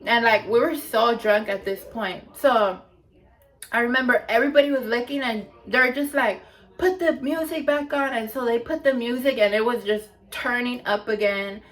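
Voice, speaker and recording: A woman's voice: a little high, fairly even intonation, normal speed, a bit bright. A young woman vlogger telling a storytime in a chatty, casual way, full of filler words and swearing.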